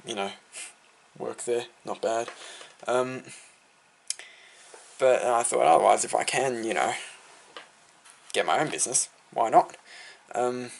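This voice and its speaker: A man's voice: mid-range voice, creaky. A teenage boy with an Australian accent chatting casually about starting his lawn care business, rambling and full of fillers. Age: teens. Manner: rambling, filler-heavy, easily sidetracked. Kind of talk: casual storytelling vlog.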